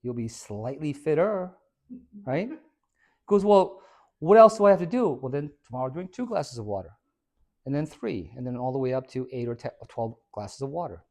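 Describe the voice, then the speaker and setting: Indoors at a hair salon, a middle-aged man who works as a fitness coach motivates a small group at a moderate pace in a mid-range voice. He tells stories with jokes, animatedly playing both parties in each exchange.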